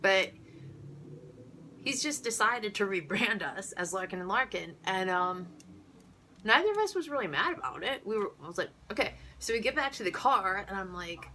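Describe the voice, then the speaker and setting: A woman in her thirties telling a story casually to camera, animated and rambling, laughing often. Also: mid-range voice, moderate pace, slight background noise.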